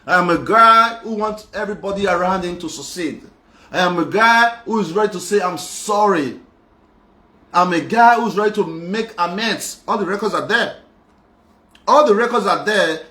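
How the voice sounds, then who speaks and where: A man's voice: high-pitched, bright, forceful tone, reverberant. A young man, speaking on a live show in an insistent, repetitive, emphatic monologue. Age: young adult. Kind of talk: emotional personal monologue.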